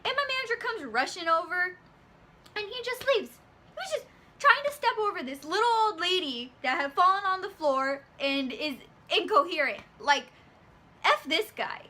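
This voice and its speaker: A young woman vlogger telling a story from her day, animated and acting out the other people's lines. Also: extremely high pitch, moderate pace. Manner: animated, acts out quoted voices. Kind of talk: casual storytelling vlog.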